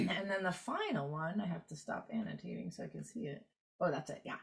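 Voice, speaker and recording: A woman's voice: fairly low pitch, very animated, brisk, vocal fry, darkish tone. A woman teaching a clarinet workshop online, explaining practice rhythms step by step while annotating sheet music. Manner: explanatory, walks through steps while annotating.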